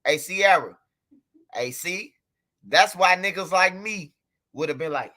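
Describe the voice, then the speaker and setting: A man's voice: high voice, a little slow, long pauses, sharp tone. A man hosting a livestream, telling a story and talking straight to his chat in a loose, profane way. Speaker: livestream host. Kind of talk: casual livestream commentary.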